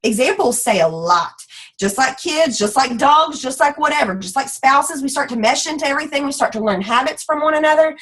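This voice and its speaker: A woman leading a motivational team call, energetic and folksy, slipping into playful voices for quotes. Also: high voice, a little fast, poor audio. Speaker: team leader.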